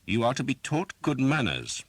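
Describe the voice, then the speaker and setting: A man's voice: mid-range voice, wildly swooping pitch, moderate pace, no room sound, pitched above the performer's own voice. A man voicing an arrogant, cruel knight who snarls orders in an audiobook. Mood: cold. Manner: snarling, imperious. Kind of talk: audiobook character voice.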